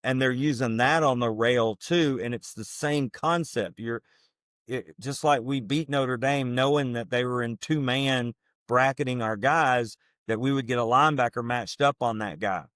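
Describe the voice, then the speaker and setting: A man's voice: mid-range voice, moderate pace, a bit bright, no echo, clean studio sound. A man, a former football coach co-hosting a podcast, breaking down defense in an earnest, emphatic, coach-like way. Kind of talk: casual football analysis chat.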